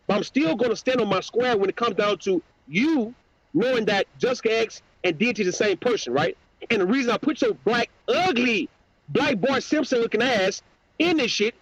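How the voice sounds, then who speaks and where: A man's voice: sits high, husky, no echo, dull audio. A man hosting his own channel, delivering a profane, combative, mocking rant in a livestream. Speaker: YouTube channel host.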